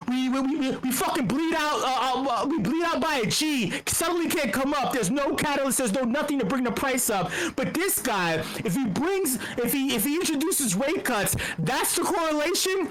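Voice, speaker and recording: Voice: high voice, animated, moderate pace, few pauses, fairly bright tone, rough recording. A meetup host ranting about money with a lot of profanity. The host sounds tired, rambles, and keeps stumbling and restarting sentences. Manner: rambling, profane, stammers and restarts, mock quotes. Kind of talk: profane comedic rant on finance. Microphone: computer mic on an online meetup.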